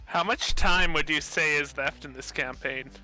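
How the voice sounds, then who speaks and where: A man with a very bright, sharp voice set a little high chats casually as a tabletop player. His remarks come out dry and joking, over faint music. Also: normal speed, poor audio. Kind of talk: casual chat.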